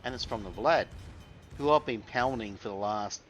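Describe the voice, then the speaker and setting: A man's voice: fairly low pitch, normal speed, a bit bright, soft background music. An Australian man giving casual, wry commentary over his own gameplay, full of crude slang.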